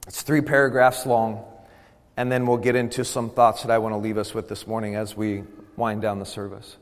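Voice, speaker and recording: Man preaching in a reverberant sanctuary. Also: on the low side. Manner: builds from calm reading to loud, emphatic preaching; drawn-out, deliberate emphasis on key words. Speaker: pastor. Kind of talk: sermon.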